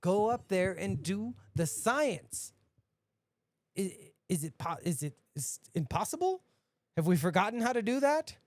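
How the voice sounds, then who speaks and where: A podcast host, a man, ranting casually and profanely, dropping to mutters and then bursting out loud. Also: high voice, big pitch swings, measured pace, dry recording. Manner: profane, ranting, swings between mutters and outbursts.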